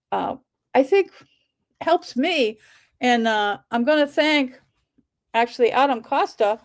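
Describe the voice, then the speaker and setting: Chatty, rambling woman with a higher voice. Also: darkish tone. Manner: chatty and rambling, with self-corrections. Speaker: local video blogger covering town issues. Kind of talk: casual commentary.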